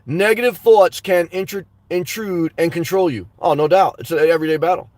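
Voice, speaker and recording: Earnest rambling man, fairly high voice. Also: brisk, a little mellow, dry recording. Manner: rambling, earnest, repeats words; addresses viewers as guys and man. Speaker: channel host reading live chat. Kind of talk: livestream chat.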